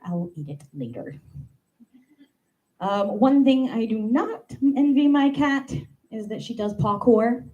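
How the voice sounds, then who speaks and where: Female comic, 30s, warm low-key tone, lively storyteller who acts out every quote. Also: takes it slowly, lo-fi sound. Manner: animated, acts out quoted voices, playful asides. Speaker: comedian doing a stand-up bit. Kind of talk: stand-up comedy monologue.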